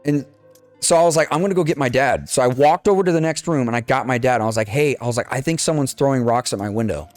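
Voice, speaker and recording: Talking fast in a mid-range voice over soft background music, a young podcast co-host casually tells a childhood story, swearing freely and acting out the dialogue in an animated retelling.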